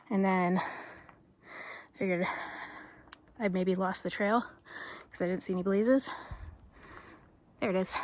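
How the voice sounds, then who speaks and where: A woman hiking vlogger talking casually on a mountain trail, relaxed and unhurried, with plenty of fillers. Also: fairly low pitch. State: out of breath at times. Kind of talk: casual vlog narration on the trail.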